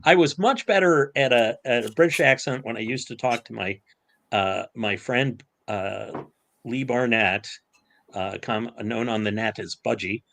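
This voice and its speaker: A man co-hosting a casual podcast chat, talking in halting bursts full of fillers and restarts. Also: mid-range voice, creaky, fairly bright tone, a little hiss or hum. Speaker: podcast co-host.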